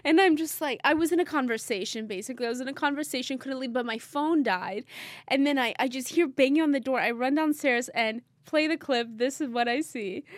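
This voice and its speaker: A woman's voice: high-pitched, a little fast, no room sound. Reflective young woman podcast co-host. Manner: reflective, giving advice. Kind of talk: casual conversational chat.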